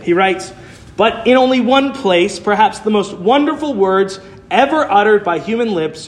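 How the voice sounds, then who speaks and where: A man preaching a sermon, earnest and measured, reading scripture aloud. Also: sits high, slight background noise.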